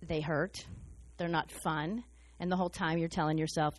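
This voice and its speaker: A woman preaching a sermon in a fast, excited, humorous way. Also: low voice.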